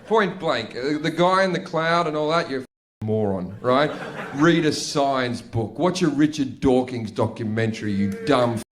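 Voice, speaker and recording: A man's voice: medium pitch, normal speed. A man doing a blunt, profane stand-up comedy routine in a loose, conversational storytelling manner. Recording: noisy live stand-up recording.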